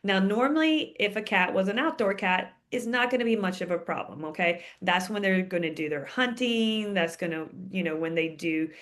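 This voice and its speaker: A woman's voice: medium pitch, normal speed, few pauses, fairly bright tone. A woman veterinarian answering viewer questions in a chatty, casual way, often ending sentences with "okay?". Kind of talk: casual advice Q&A.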